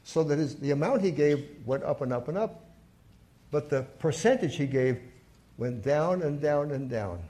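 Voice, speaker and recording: Lively, higher-voiced male preacher. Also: moderate pace. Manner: storytelling preacher, rising emphasis on key points. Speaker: pastor. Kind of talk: sermon. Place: church.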